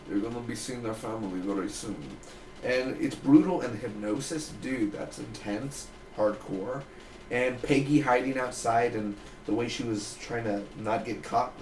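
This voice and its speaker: A man giving a loose, chatty review of a TV episode, retelling scenes with quick quoted asides. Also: medium pitch, a little mellow, reverberant, a little hiss or hum. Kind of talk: casual solo review.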